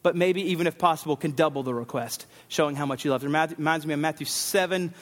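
A man preaching a sermon as pastor, animated, acting out the lines of the people in his text. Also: on the high side, fast talker, long reverb tail. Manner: animated, acts out Bible figures' lines.

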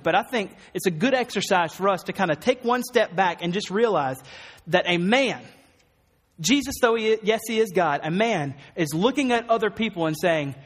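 A man's voice: high-pitched, a bit bright. Earnest male preacher in an echoing hall. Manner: earnest, emphatic, with wry asides. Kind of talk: sermon. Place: church hall.

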